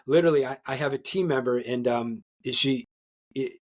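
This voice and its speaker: A man talking as a guest coach in a podcast interview, energetic and emphatic, often tagging his points with "right?" and restarting words as he gets going. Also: medium pitch, moderate pace. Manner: repeats and restarts words when excited.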